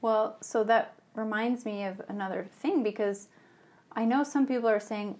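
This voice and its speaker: A woman co-hosting a podcast in casual chat, speaking calmly and reflectively. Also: a little high, normal speed. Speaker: podcast co-host.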